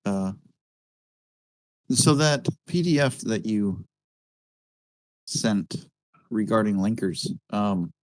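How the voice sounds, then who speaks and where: A man's voice: lowish voice, animated, drawn-out words, pauses often, dry recording, low-quality recording. A man chatting casually as a trader, hesitant and thoughtful, often correcting himself. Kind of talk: casual chat.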